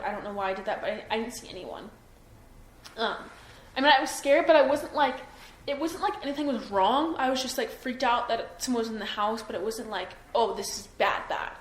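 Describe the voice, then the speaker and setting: A young adult woman giving a halting account to an interviewer, full of "like" and restarts. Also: a little high. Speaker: witness being interviewed. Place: indoors at her home. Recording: echoey room with faint ambient noise.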